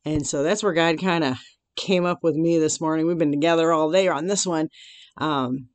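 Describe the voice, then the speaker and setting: Chatty lower-voiced woman, laughs often. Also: moderate pace, no room sound. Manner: reflective, grateful. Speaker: Christian vlogger. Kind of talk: casual daily devotional vlog.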